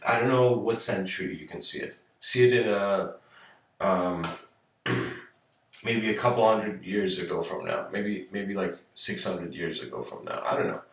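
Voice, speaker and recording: A man's voice: low-pitched, normal speed, a bit bright. A man telling a story as a rambling talk, hesitant and full of restarts. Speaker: channel host giving a talk. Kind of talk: rambling spoken storytelling lecture. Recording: very echoey room, far from mic.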